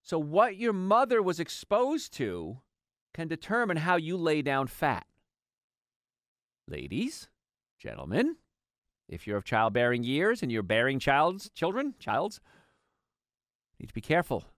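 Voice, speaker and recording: A middle-aged man hosts a health talk show, his pitch rising and falling through lively stories. He speaks into a studio mic with a dry, close sound. The tone is animated and conversational. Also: no echo. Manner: animated storytelling, acts out patients' lines. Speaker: health radio host.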